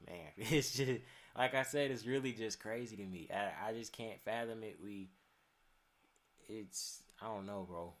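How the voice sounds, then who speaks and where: A man's voice: fairly low pitch, measured pace. A man chatting casually on a podcast, laid-back and profane, laughing often and talking with many fillers. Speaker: podcast guest.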